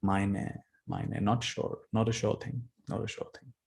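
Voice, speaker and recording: Gentle meditation teacher. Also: male voice, lowish voice, steady tone, moderate pace, vocal fry. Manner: gentle storytelling, repeats key phrases. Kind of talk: dharma talk.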